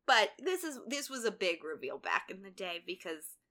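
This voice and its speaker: A woman co-hosting a casual podcast, retelling a TV episode and acting out the characters' lines, sometimes yelling and swearing. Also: medium pitch, sing-song, moderate pace. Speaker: podcast co-host recapping a TV episode. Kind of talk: casual chat.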